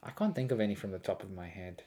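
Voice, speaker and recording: Lively man telling stories. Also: low-pitched, fast. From South Africa. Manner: animated storyteller, laughs often. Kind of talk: casual chat.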